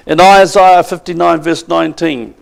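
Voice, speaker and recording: A man's voice: a little high, steady tone, normal speed, creaky. A man preaching a sermon with emphasis, asking the congregation questions.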